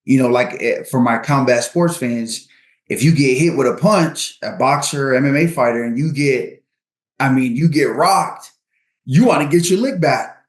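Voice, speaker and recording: A man's voice: medium pitch, normal speed. Male podcast guest, earnest advice-giver, mid-range voice, recorded in a roomy, echoey space. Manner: earnest, uses sports analogies.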